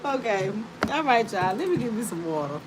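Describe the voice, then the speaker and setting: A woman doing a casual live-stream card reading, talking to her viewers in an animated, teasing and profane way and breaking into frequent laughter. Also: mid-range voice, fairly quick. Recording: steady background noise.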